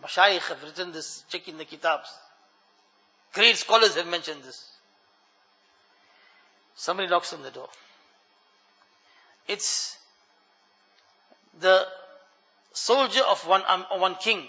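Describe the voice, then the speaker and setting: A man with a high, very bright voice tells a story as part of a sermon, speaking to the congregation as brothers. His voice rings with a long reverb in a large hall. The recording itself sounds dull and lo-fi. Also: slow pace, long pauses. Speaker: preacher.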